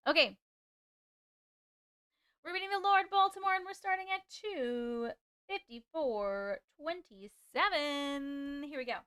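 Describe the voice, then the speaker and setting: A woman's voice: sits high, fairly bright tone, clean tone, no echo, studio quality. A woman hosting a live stream, chatting casually with viewers, laughing often and swearing now and then, then reading their stories aloud.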